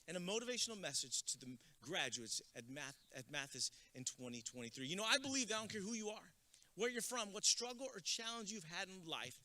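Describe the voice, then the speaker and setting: A man giving a comedic, energetic graduation speech as a motivational speaker, dropping in Spanish words. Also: sits high. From Texas. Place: outdoor graduation ceremony with stands.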